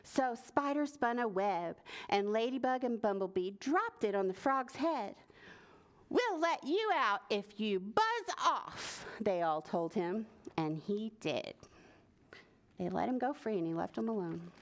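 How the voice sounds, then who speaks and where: A woman, a children's librarian, reading a picture book at preschool story time, expressive and stopping to ask the children questions. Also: mid-range voice, unhurried.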